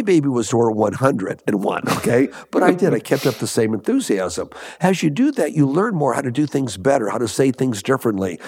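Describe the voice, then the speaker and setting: A man's voice: mid-range voice, breathy edge, no echo, clean studio sound. An older man from Los Angeles, a guest entrepreneur telling stories in an interview and acting out the dialogue of the people in them. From Los Angeles, USA. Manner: animated anecdotes with lively quoted dialogue. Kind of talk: storytelling interview answers.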